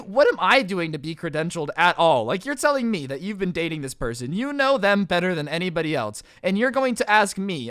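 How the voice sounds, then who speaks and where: A man's voice: high-pitched, fairly bright tone, no echo, studio quality. A young man telling a comedic storytime rant, exasperated and sarcastic.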